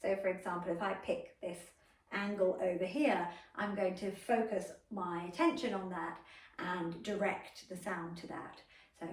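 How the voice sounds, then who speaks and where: A woman's voice: fairly low pitch, unhurried, far from the mic. Woman voice coach in an echoey room. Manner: calm, encouraging instruction with spoken demonstrations. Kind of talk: guided vocal warm-up lesson. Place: indoor room. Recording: echoey room, voice a bit off-mic.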